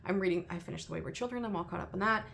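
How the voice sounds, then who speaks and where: A woman's voice: on the low side, racing, gravelly, a bit bright, a little hiss or hum. A woman hosting a casual reading-recap vlog, chatty and rambling, often giggling between thoughts. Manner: rambling with frequent ums and restarts. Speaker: book reviewer and channel host. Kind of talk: casual chat.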